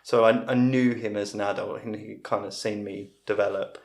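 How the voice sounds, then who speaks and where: A man's voice: on the low side, fairly even intonation, moderate pace, creaky. A man, a comedian guest, telling long rambling stories in casual chat. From England. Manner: rambling storyteller with frequent restarts. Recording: roomy echo.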